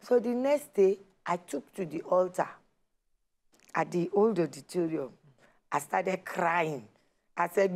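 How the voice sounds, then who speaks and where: On a talk show, a woman shares her personal testimony as a guest, animatedly acting out the quoted dialogue as she tells it. Her voice is fairly low in pitch, and she speaks slowly with long pauses.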